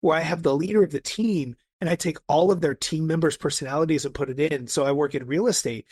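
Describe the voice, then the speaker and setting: An enthusiastic man talks as a guest in a casual podcast conversation, piling up stories and restarting his thoughts. His voice sits a little high with a husky edge. The sound is close and dry. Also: fast, a little mellow, no room sound. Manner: eager, enthusiastic storyteller with many restarts. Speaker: guest, personality coach.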